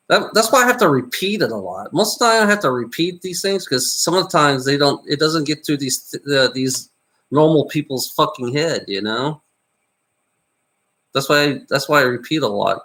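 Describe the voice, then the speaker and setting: A man vlogging in a rambling monologue, repeating himself, swearing and tagging nearly every line with "you know?". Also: fairly bright tone. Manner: voice jumps high on exclamations.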